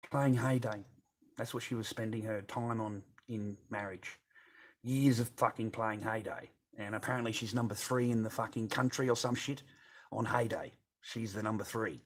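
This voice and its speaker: A middle-aged Australian man talking on a casual livestream, bitter and rambling, swearing constantly as he answers his chat. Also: mid-range voice.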